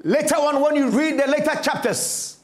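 A man preaching a sermon, retelling a scripture story dramatically and swinging from loud to hushed. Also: very high-pitched, normal speed, reverberant.

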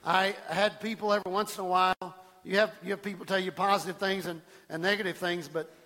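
Pastor guy preaching in a church, bright sharp voice, big hall echo, keeps restarting and doing other people's voices. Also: high-pitched, fast talker. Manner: animated, repeats words and restarts, acts out quoted voices. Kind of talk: sermon. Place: church sanctuary.

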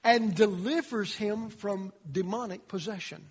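A male pastor preaching a sermon, telling the story dramatically and dropping to quiet emphasis. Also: high voice, measured pace, husky, big-room sound.

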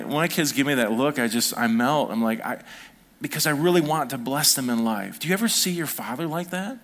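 A man in his thirties, a pastor preaching a sermon through personal stories, acting out the quoted voices with sudden jumps in pitch. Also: fairly bright tone. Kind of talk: storytelling sermon.

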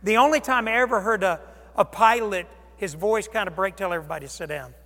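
A male pastor preaching a sermon, with dramatic swings from loud exclamations to hushed near-whispers. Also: sits high, fast talker. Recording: long reverb of a large hall.

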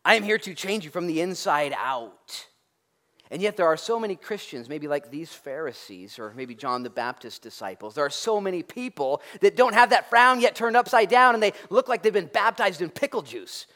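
A man preaching a sermon as pastor, lively and joking, acting out the voices of the people in the story. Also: high-pitched, fairly quick, hardly any pauses.

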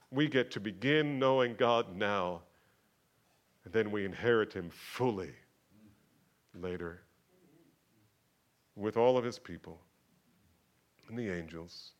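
A man preaching a sermon to his church, moving from quiet, conversational talk to loud, emphatic passages. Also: lowish voice, measured pace, long pauses. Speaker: pastor. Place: church sanctuary.

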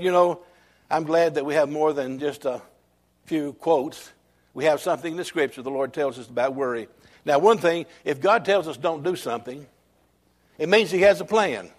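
A man preaching a sermon. His voice sits a little high, and he tells homespun stories with slow, weighty emphasis on the key lines. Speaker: pastor.

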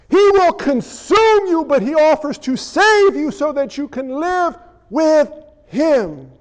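A male pastor preaching a sermon with impassioned, emphatic delivery that often rises and gets worked up. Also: very high voice.

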